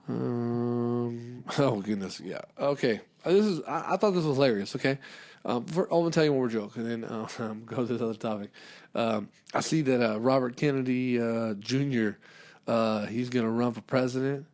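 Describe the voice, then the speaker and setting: A male podcast host talks in a loose comedic monologue, voice at an ordinary middle pitch. He rambles, restarts and swears freely, padding his lines with fillers. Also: normal speed, a little mellow. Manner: rambling, profane, many fillers.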